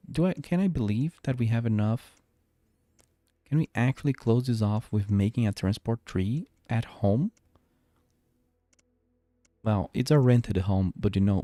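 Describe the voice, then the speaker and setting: A man with a low, mellow voice chats his way through a live game stream. He rambles and restarts his sentences as he thinks aloud. The sound is dry and close, with no room around it. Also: no echo. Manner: rambling, self-talking, restarts often. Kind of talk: live gameplay commentary. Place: home.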